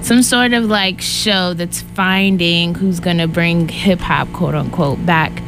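A woman's voice: lowish voice, slow pace, music in the background. A woman co-hosting a radio show in casual chat, rambling and teasing, filling her talk with "like". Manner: chatty, lots of likes, teasing. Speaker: radio co-host.

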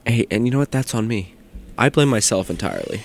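A man co-hosting in casual banter with a dry, deadpan delivery. His voice is at an ordinary middle pitch. He drops quick, understated jabs. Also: a little hiss or hum.

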